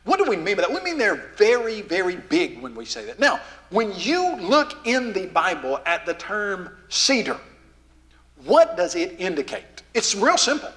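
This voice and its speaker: A Southern man teaches a crowd of young people in a folksy, animated way, throwing questions out to the room. His voice sits high and sounds bright and forceful. It rings with the long reverb of a church hall. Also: moderate pace. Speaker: youth rally speaker. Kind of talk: lively teaching talk to teens. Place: church hall, live audience.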